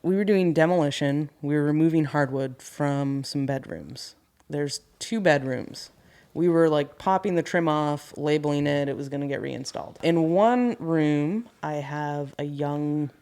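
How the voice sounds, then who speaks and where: A woman's voice: low voice, dark tone. Frank woman telling work stories. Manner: frank, storytelling, laughs easily. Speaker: guest, carpentry business owner. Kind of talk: casual podcast chat. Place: podcast table with several hosts.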